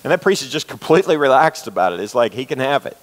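Brief: male pastor, mid-pitched, earnest sermon delivery, long reverb in a church hall. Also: very animated, fast talker. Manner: earnest storytelling, repeats for emphasis.

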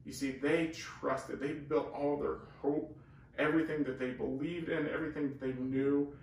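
The voice is a man's, on the high side, gravelly and a little mellow, with a flat delivery at a moderate pace. He co-hosts a conversational Bible teaching, speaking earnestly and emphatically and restarting his thoughts. A far-off camera mic captures him in an echoey room with a faint hiss.

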